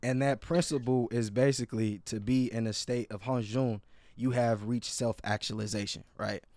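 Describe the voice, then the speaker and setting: Male podcast host, earnest and emphatic, lots of slang, mid pitch, dry close recording. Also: fairly even intonation, normal speed, darkish tone, no room sound. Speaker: podcast host and restorative practitioner. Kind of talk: casual podcast chat.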